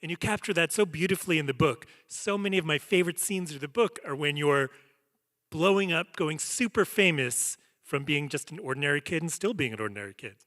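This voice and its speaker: Admiring man moderating onstage, higher and bright tone, long hall echo. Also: a little fast. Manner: admiring, enthusiastic questions. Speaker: interviewer, music writer. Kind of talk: onstage interview. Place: auditorium stage before an audience.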